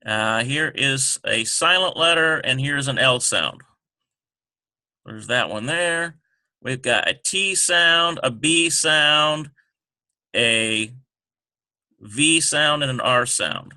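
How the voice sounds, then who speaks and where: A man teaching a lesson over a screen recording, talking haltingly with many ums and self-corrections. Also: mid-range voice, lively intonation, pushed and bright, no room sound.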